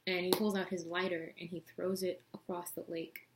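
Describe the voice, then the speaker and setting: A woman's voice: lowish voice, level tone, normal speed, slight background noise, rough recording. A young woman vlogger chatting casually as she retells a movie plot and does her makeup, rambling with lots of fillers. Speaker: beauty vlogger.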